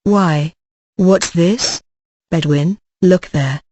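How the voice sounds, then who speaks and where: A brisk, gruff old gentleman with a hoarse throat, as an audiobook narrator reads him. He speaks at a middling pitch, kindly but fussy, in a dry, close recording with no room sound. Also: no echo. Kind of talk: audiobook character reading.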